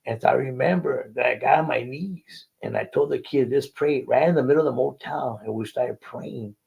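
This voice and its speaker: Gravelly older man telling his testimony. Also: mid-range voice, normal speed, darkish tone, rough recording. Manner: earnest storytelling, acts out dialogue. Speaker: guest. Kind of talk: testimony in an interview.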